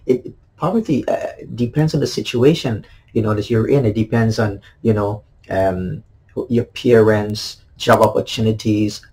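A man's voice: on the low side, darkish tone, slightly rough, low-quality recording. A man, a pastor, giving a daily devotional sermon in an earnest way, repeating key phrases with many fillers.

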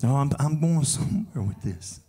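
A male pastor preaching a revival sermon in a church, rising into shouted, sing-song climaxes and firing questions at the congregation. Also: medium pitch, expressive, moderate pace, slightly rough. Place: church sanctuary during a live service.

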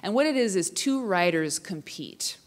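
A woman in her thirties who performs spoken word poetry and chats casually with high school students in a self-deprecating way. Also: normal speed. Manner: chatty, self-deprecating, expressive poetry reading. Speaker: writer and performer.

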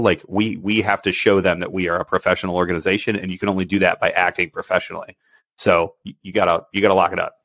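A man's voice: low-pitched, steady tone, fast talker, a bit bright, no echo. A man co-hosting a podcast as a special warfare operations superintendent, talking bluntly and acting out quoted exchanges. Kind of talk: casual podcast chat.

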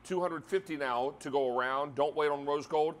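At normal speed and in a somewhat high voice, a male TV shopping host presents live, keeping things chatty and cheerful while announcing how much stock remains.

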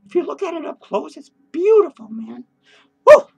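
Squeaky high unhinged clown, tipsy and hyper, swearing nonstop in a comedy vlog. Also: male voice, big pitch swings, moderate pace, creaky, a little mellow, lo-fi sound, heavily acted. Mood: manic ranting. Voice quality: high shrill voice with cackling laughs. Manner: crude swearing rants, giddy and drifting. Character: unhinged foul-mouthed clown, manic and rambling. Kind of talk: comedic character vlog rant. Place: home studio.

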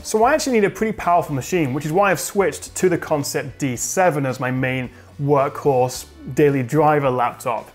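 British man, tech review host, brisk spec-heavy narration, slightly high voice. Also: soft background music.

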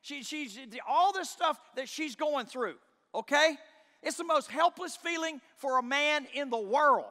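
A middle-aged man preaching a sermon as pastor, impassioned, swinging from shouts to hushed tones. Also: extremely high pitch, animated, a little slow, in a large hall. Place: church sanctuary.

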